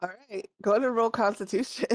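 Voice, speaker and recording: A woman's voice: fairly high pitch, fairly even intonation, fast talker, no room sound. Chatty woman game master, dry sound. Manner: rambling, filler-heavy scene narration. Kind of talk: narrating a tabletop game.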